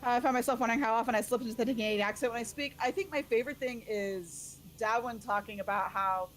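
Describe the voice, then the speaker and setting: A woman's voice: fairly high pitch, fast talker, slight background noise. An American woman chatting and joking casually while playing a game on stream. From United States. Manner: chatty, jokey. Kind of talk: casual gaming chat.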